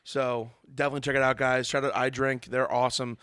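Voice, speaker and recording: A man hosting a casual podcast chat, hoarse and out of breath from laughing, gushing and chuckling between plugs. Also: medium pitch, level tone, quick pace, a bit bright, no echo, clean studio sound. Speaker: podcast host.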